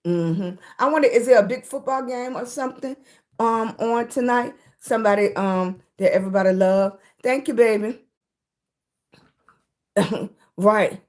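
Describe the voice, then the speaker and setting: A woman's voice: a little high, a little slow, pauses often, darkish tone. A middle-aged woman hosting a casual livestream from her room, chatting and greeting viewers by name, often calling them baby. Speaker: livestream host.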